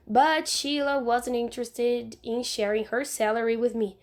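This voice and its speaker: A woman, a teacher, reading a children's novel aloud in clear, unhurried storytelling. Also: on the high side, steady tone.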